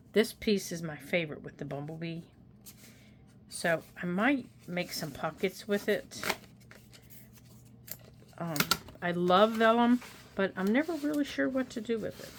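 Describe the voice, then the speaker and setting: A woman's voice: on the low side, a little hiss or hum. An older woman chatting casually through a craft tutorial in a folksy, talk-to-herself way. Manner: chatty, folksy, talks to herself while working. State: hiccups. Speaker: craft vlogger.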